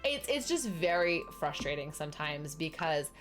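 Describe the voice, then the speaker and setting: A young woman with a lowish voice chats casually while she plays, telling long stories and jumping into other people's voices. Faint music runs quietly behind her. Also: sing-song, normal speed. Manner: chatty storyteller, acts out quoted people with big pitch jumps. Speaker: streamer chatting while playing. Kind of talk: casual chat on a game stream.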